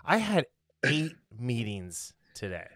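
A man's voice: medium pitch, wildly swooping pitch, takes it slowly, a bit bright, no room sound, clean studio sound. A man hosting a casual podcast. He rambles, corrects himself and laughs often, and he sounds tired after a long day. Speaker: podcast host.

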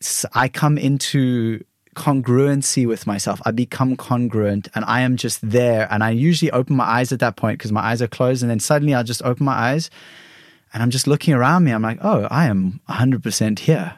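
A male podcast host, mid-pitched, speaks in a thoughtful, searching way, often doubling back and restarting his phrases as he works through an idea out loud. His voice sits close and dry, with almost no room sound around it. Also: steady tone, a little fast, no room sound. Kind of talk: reflective conversational storytelling.

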